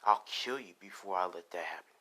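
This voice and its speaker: A violent, controlling husband, put on by a man. He speaks fast and low, and his threats sound menacing. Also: pushed and bright. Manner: menacing, quick.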